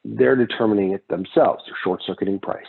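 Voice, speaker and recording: A man's voice: fairly low pitch, a little fast, creaky, husky, narrow, tinny audio. A man giving a casual recorded economics lecture, drifting into personal anecdotes. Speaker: economics instructor.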